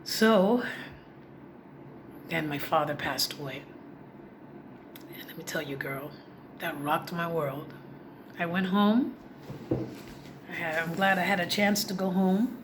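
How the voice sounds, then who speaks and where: A woman's voice: fairly low pitch, takes it slowly, long pauses. A woman vlogger telling a personal story in a heartfelt, confiding way, speaking directly to her viewers. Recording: noisy background.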